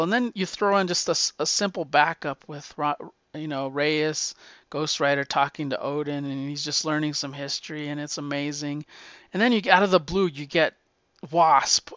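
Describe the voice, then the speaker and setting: A man's voice: fairly high pitch, fairly even intonation, moderate pace, a bit bright, no room sound, muffled recording. A man hosting a comics podcast in casual chat, enthusiastic and rambling, swearing freely and restarting often.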